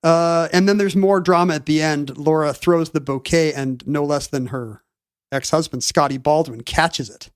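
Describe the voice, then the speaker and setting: A man co-hosting a chat podcast, explaining a topic at length with frequent pauses and restarts. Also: a little high, dry recording, studio quality. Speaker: podcast co-host. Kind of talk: casual chat, recapping a topic.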